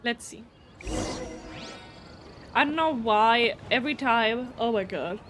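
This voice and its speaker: A chatty woman streams a video game live and talks casually with her viewers. Her voice sits a bit higher than most, and her manner is blunt, with casual swearing mixed in. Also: takes it slowly, fairly bright tone, soft background music. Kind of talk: casual live gameplay commentary.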